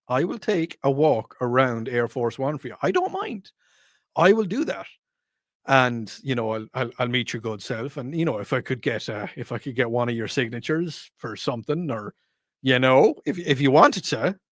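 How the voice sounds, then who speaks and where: Speaking into a studio microphone, this Irish-accented radio host wanders through a casual, jokey monologue full of digressions. He has a mid-range voice, captured in a dry recording.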